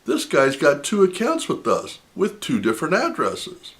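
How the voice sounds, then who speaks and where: A man's voice: on the high side, wildly swooping pitch, normal speed. A man hosting a personal finance channel, telling a story to camera in an indignant, emphatic way and laughing in disbelief. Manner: indignant, retelling a phone argument with heavy emphasis.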